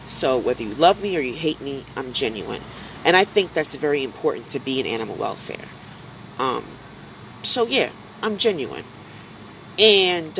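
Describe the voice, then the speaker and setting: A woman's voice: sits low, slight background noise, poor audio. Chatty woman telling stories on a live stream. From United States. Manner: chatty, animated storytelling, many fillers. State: slightly drowsy with allergies. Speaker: animal welfare advocate streaming live to followers. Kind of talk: casual live-stream talk.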